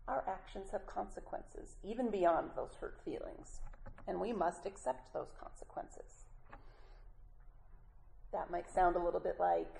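Gravelly low-voiced woman teaching Bible study. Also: expressive, a little slow, long pauses, dark tone, slight background noise, low-quality recording. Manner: chatty, laughs between points, addresses listeners as ladies; corrects herself mid-sentence.

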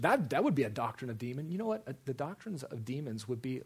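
A man preaching a sermon in an animated way, with repeated emphasis and acted-out quoted voices. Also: medium pitch, fast, hardly any pauses, breathy edge. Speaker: preacher or teacher.

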